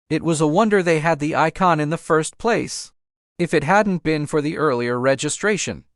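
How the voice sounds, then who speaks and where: A man reading a fan fiction audiobook aloud in a steady storybook manner. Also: on the high side, no room sound, studio quality. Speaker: audiobook narrator.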